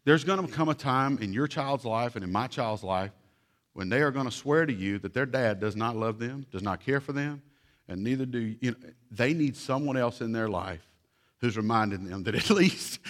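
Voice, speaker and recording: Young dad pastor preaching, earnest, begging the crowd, normal pitch. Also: male voice. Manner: earnest, urgent pleading to the congregation. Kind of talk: sermon.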